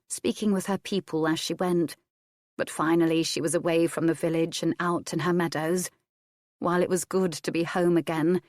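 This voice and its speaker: A woman reading a historical romance audiobook in steady, measured narration. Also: lowish voice, dry recording, studio quality. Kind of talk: scripted narration.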